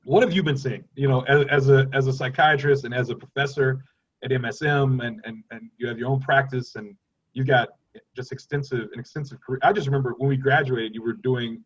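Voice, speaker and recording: Man, 30s, from Dallas; self-deprecating moderator, breathy voice, dull lo-fi sound. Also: mid-range voice, steady tone, fairly quick. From Dallas, Texas. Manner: rambling and self-deprecating, laughs often, many restarts. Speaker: forum moderator. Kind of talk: panel discussion.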